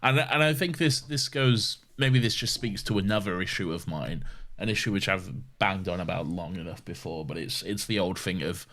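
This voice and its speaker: A man's voice: low voice, moderate pace, a bit bright. A man co-hosting a podcast in casual film chat, swearing freely, ranting and laughing often. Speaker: podcast co-host.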